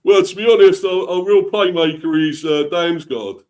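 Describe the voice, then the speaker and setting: A man answering questions as a guest fan of the rival team in casual chat, relaxed and hesitant, with lots of ums. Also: high voice, normal speed.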